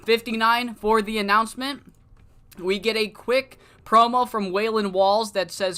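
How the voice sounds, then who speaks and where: Casual male game streamer, bright voice, rambling delivery. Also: sits high, steady tone, a little slow, smooth. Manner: loose, rambling, profane, with many fillers. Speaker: streamer narrating a wrestling booking sim. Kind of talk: casual live-stream commentary.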